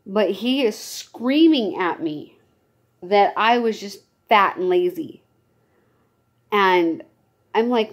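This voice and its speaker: A woman's voice: medium pitch, very animated, takes it slowly. A woman, telling a true story from her own life in a rambling, casual way, often restarting her sentences. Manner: rambling, restarts and self-corrections. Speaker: vlogger telling a personal story.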